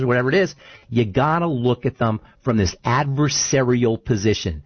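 A man hosting a talk radio show, chatting casually and telling stories in an animated, argumentative way. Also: mid-range voice, normal speed, dry recording, highs cut off. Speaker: show host.

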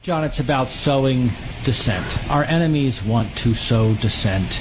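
A man interviewed as a government official, speaking in a measured, earnest way. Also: mid-range voice, expressive, highs cut off, background noise. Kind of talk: taped studio interview.

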